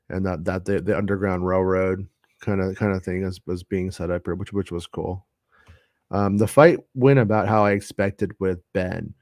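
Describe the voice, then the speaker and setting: Man, very deep voice, dry close sound, hesitant casual host. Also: darkish tone, no echo. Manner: hesitant, many restarts and fillers. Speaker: podcast host. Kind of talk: casual chat.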